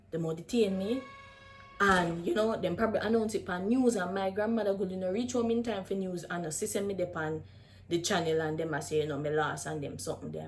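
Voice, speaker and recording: Animated Jamaican woman telling a story. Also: fairly low pitch. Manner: animated, slips in and out of patois. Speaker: vlogger. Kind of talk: casual storytime.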